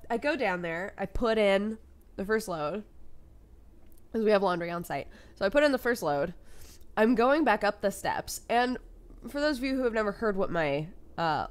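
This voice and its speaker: A young woman vlogging casually, telling everyday stories and acting out what people said. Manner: animated, acts out quoted voices with big pitch jumps and laughs. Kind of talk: casual storytelling to camera.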